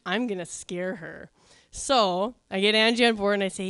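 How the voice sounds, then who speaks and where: A woman's voice: medium pitch, normal speed, a bit bright, smooth, no echo, clean studio sound. A woman telling a funny personal story to a live crowd in a chatty, wry, self-mocking way, with plenty of ums.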